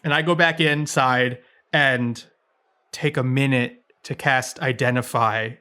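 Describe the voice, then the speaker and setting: A man's voice: medium pitch, steady tone, slow pace, pushed and bright, clean tone. A man playing his character in a tabletop game, speaking hesitantly and sheepishly. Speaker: player.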